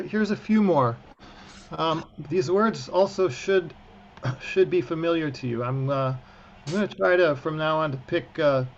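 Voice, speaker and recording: A man with a fairly high voice leads an online Hebrew reading class, encouraging students as he goes. He often backtracks and restarts his sentences. The video-call audio is muffled, with a faint hiss underneath. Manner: encouraging, frequent fillers and restarts. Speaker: cantor teaching prayer-book Hebrew.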